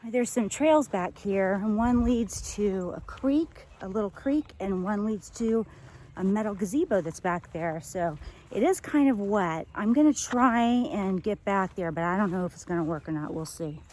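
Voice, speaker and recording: A woman vlogging a farm tour outdoors, chatting to the camera and cooing at the animals in a high sing-song voice. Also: expressive, moderate pace, darkish tone, slight background noise. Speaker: travel vlogger. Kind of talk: casual vlog narration. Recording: background music under the voice.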